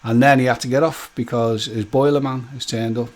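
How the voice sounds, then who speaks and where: A man's voice: mid-range voice, fairly even intonation, a little fast. Chatty man hosting a live stream. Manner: chatty and jokey, speaks straight to viewers by name; loose rambling talk with many fillers and restarts. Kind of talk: casual live stream chat reading viewer comments.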